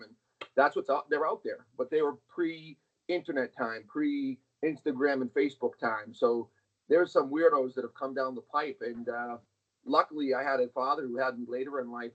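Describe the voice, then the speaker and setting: With a medium-pitched voice, fairly even intonation and a normal speed, a middle-aged man talks as an interview guest. The arm wrestler tells his stories bluntly and casually, swearing freely, on a dull lo-fi recording.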